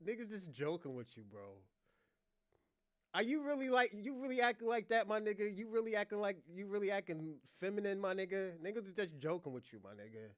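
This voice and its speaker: A man's voice: high-pitched, animated, fairly quick, no echo, studio quality. A man from Boston hosting a casual live chat, teasing and laughing often. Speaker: livestream host.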